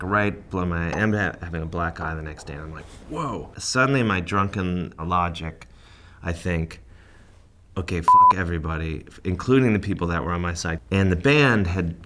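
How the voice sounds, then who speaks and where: Deep-voiced man telling a comic story. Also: fairly bright tone, a little hiss or hum. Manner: rambling, filler-heavy, acts out quotes. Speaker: comedian.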